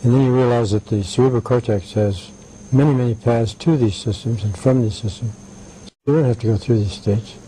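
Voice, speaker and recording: An older man being interviewed, telling anecdotes in a halting way with many "right"s and "uh"s. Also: medium pitch, steady tone, dark tone, a little hiss or hum, low-quality recording. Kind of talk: conversational interview.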